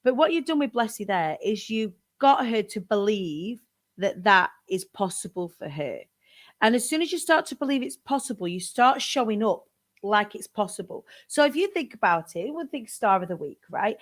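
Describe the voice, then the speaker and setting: A woman's voice: mid-range voice, very animated, normal speed. A woman hosting a casual chat, enthusiastic and encouraging. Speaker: host.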